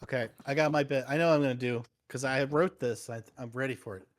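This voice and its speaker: A man's voice: mid-range voice, fast talker. A man in casual chat, telling a loose, rambling stand-up story as a guest. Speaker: comedian guest.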